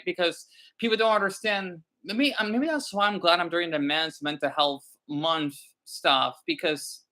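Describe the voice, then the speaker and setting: A man's voice: high-pitched, sharp tone. A man streaming live, chatting casually in a rambling way, stammering and repeating words as he goes.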